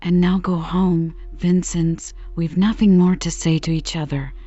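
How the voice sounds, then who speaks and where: A woman's voice: lowish voice, steady tone, measured pace, dark tone, dry recording. A woman reading the part of a proud, defiant young village woman, firm and pleading, on a slightly dull recording.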